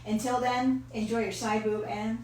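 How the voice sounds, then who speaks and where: A woman's voice: a little high, level tone, normal speed, darkish tone, slight background noise. A woman co-hosting a podcast, reacting with short comments and laughs, then closing the show. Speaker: podcast co-host. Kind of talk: casual chat. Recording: echoey room, faint ambience.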